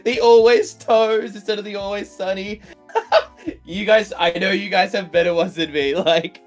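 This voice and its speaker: A man's voice: high-pitched, steady tone, normal speed, soft background music. A tired man co-commentating a card game stream, joking silly and laughing constantly. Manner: giggly, silly, keeps laughing at his own jokes. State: tired after a long day. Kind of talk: casual stream banter.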